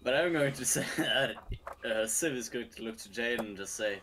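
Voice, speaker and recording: A man's voice: medium pitch, moderate pace, background noise. A man playing a tabletop game, chatting offhand and joking. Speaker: player. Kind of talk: casual tabletop game chat.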